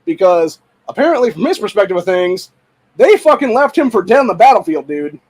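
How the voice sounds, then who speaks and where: A young man from Ohio hosting a show, ranting angrily and profanely, often shouting. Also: high-pitched, very animated, a little fast, breathy edge, rough recording. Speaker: podcast host. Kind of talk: angry political rant.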